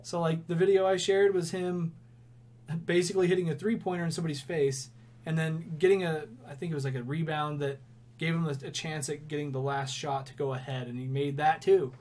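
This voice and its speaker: A man's voice: a little high, fairly even intonation, a little fast, a little mellow. Rambling young man, sports podcast co-host. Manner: rambling, laughs often. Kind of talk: casual sports chat.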